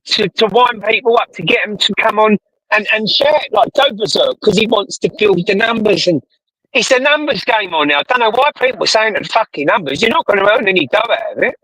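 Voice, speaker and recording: A man's voice: sits high, lively intonation, fairly quick, sharp tone, husky, no echo, poor audio. A British man chatting casually, rambling and swearing a lot. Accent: British English. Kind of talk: casual chat.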